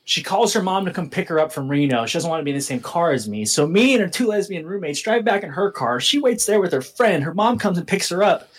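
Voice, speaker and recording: A young man on a podcast, telling a story in casual chat with lively swearing and laughter. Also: sits high, fast talker, hardly any pauses, breathy edge. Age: young adult. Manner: animated, swearing, laughs through his story. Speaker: podcast co-host.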